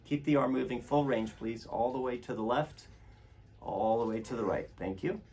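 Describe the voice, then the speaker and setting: A man's voice: medium pitch, normal speed, darkish tone. A man working as a chiropractor, coaching a patient through treatment with short, encouraging, repeated commands in a treatment room.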